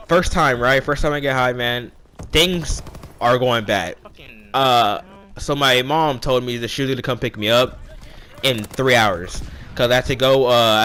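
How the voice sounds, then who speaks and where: A young man with a bright, forceful voice tells a personal story in a loose, casual way. He rambles and acts out the dialogue of the people in it. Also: mid-range voice, slight background noise. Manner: rambling, animated retelling with quoted dialogue. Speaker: vlogger.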